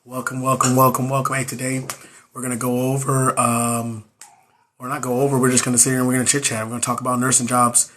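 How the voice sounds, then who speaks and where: A hoarse young man, a nurse and exam coach, chatting loosely on his livestream into a phone and repeating his greetings. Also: mid-range voice, flat delivery, fast talker, fairly bright tone, a little hiss or hum. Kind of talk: casual livestream chat.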